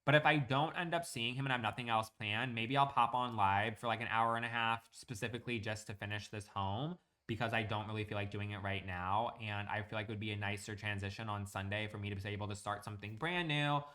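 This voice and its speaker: A man's voice: lowish voice, steady tone, brisk, hardly any pauses, pushed and bright. A young man streaming, chatting casually and rambling with lots of fillers while he plays a building game. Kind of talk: casual live-stream chat while gaming.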